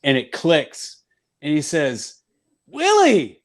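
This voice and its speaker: A man's voice: mid-range voice, normal speed. A man from Northern California, a baseball broadcaster, telling stories in a casual interview and acting out the people he quotes. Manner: animated storyteller who acts out quotes. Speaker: baseball play-by-play broadcaster, guest. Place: store in Wisconsin.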